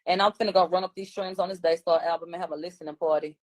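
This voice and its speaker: A woman's voice: fairly low pitch, fairly even intonation, very fast, no room sound. A woman, a guest commentator on a livestream, talking bluntly and combatively in casual chat.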